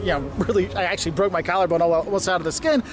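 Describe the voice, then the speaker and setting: Animated man outdoors. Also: high-pitched, very fast. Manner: animated, jokey, mimics voices. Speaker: travel vlogger. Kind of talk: travel video presentation. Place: outdoors in a city street. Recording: street noise and passing traffic. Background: traffic and city ambience.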